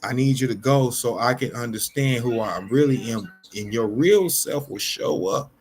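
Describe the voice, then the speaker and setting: A man's voice: mid-range voice, normal speed, a little hiss or hum. A man speaking directly to his viewers in an unscripted motivational talk, earnest and repetitive, often restarting his sentences. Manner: addresses listeners directly as y'all. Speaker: motivational vlogger.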